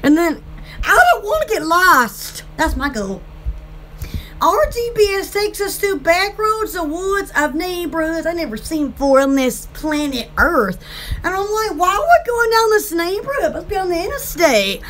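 A bubbly woman chats casually about her shop and her day, giggling as she goes. Her voice sits very high and swoops all over the place. Faint background noise runs under the recording. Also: very animated, moderate pace, a bit bright. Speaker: online shop host. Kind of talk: casual rambling chat.

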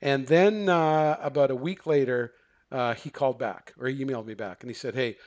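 A middle-aged male counselor, guesting on a podcast, recounts a story a little fast in a medium-pitched voice. He acts out the dialogue with animation, and his speech has lots of fillers and false starts.

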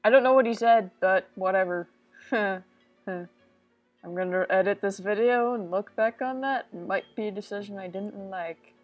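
A woman's voice: mid-range voice, moderate pace, highs cut off, faint music behind. Rambling woman doing game commentary. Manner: rambling, silly, talks to herself with sudden outbursts. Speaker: let's play host.

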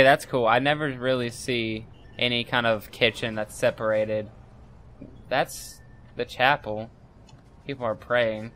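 A man giving casual let's-play commentary, rambling and excitable, bursting into loud yells. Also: mid-range voice. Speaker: gameplay commentator.

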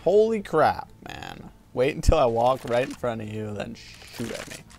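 Over game music and gunfire in a noisy background, a man provides casual let's-play commentary, joking and trash-talking as he plays. His medium-pitched voice is gravelly, swings widely in pitch, and moves at a normal speed.

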